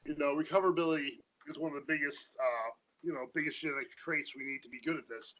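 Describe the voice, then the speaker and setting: A man with a bright, slightly high voice tells old gym stories in a quick, casual rush. He swears freely and keeps circling back with restarts. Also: steady tone, rough recording. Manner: fast, profane, repeats himself in restarts. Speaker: podcast guest, former powerlifter. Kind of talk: casual chat.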